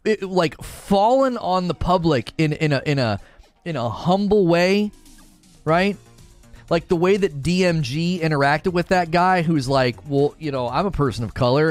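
A man giving heated live-stream commentary, indignant and sarcastic, often mocking others in hushed put-on voices. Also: fairly high pitch. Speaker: streamer commenting on industry news.

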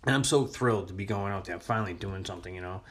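A man's voice: sits low, very fast, a bit bright. A man telling a long personal story in a casual voice message, rambling with many restarts.

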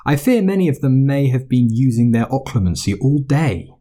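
A man playing a weary old headmaster, calm and measured, close to his own reading voice. He sounds grave and gentle, like a voiced part in a storybook. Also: mid-range voice, lightly acted.

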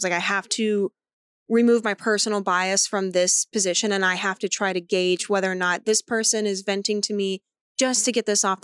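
A woman's voice: mid-range voice, fairly bright tone, clean tone, dry recording, clean studio sound. A woman co-hosting a podcast in casual chat, talking things through at length, candid and swearing freely. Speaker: podcast co-host.

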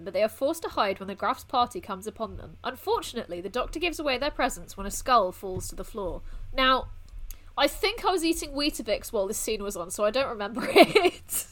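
Co-host, young woman, bright higher voice, casual, quick to laugh. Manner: chatty, laughs often, reads plot summaries aloud. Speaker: podcast co-host. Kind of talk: casual chat.

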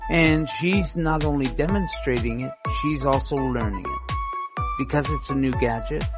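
Give me a man calmly reading a show intro and sign-up details, with music clearly in the background. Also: medium pitch. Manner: measured, informational delivery. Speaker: announcer introducing the host.

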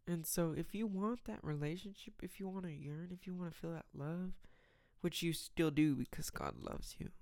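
A man giving a casual, rambling Bible reflection, reading verses aloud and filling pauses with "um" and "like.". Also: on the high side, creaky, darkish tone, no room sound, studio quality. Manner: rambling, many fillers, reads scripture aloud.

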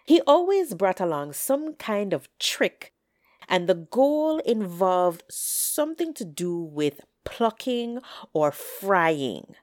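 A woman storyteller telling folktales aloud with an expressive, drawn-out delivery. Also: lowish voice, no room sound, studio quality.

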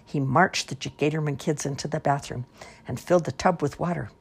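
A woman reading a children's story aloud with expressive, lively voicing. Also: sits low, a little fast, creaky, slightly rough.

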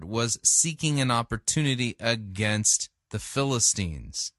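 Slow, measured male commentator. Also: mid-range voice, fairly bright tone, no echo, studio quality. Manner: measured, corrective interjections. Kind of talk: critiquing a played sermon.

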